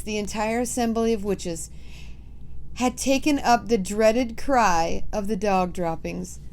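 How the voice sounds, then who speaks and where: A woman's voice: mid-range voice, a little slow, a little mellow. A woman reading a storybook aloud, narrating vividly in the first person.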